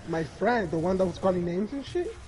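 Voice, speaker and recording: A man's voice: high voice, big pitch swings, fairly quick, mellow, slight background noise, low-quality recording. Crude rambling young man on voice chat. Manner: crude, rambling storytelling with laughs. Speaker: streamer. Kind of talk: casual chat.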